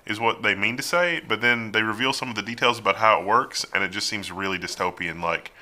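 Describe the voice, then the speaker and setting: A man's voice: on the low side, bright, forceful tone. A man co-hosting a tech news show, reading headlines and adding dry, wry commentary.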